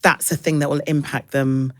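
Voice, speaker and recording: A woman, a podcast guest, talking candidly and reflectively, sometimes acting out others in a bright high voice. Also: level tone, moderate pace, no room sound, clean studio sound. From England. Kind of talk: candid conversational interview.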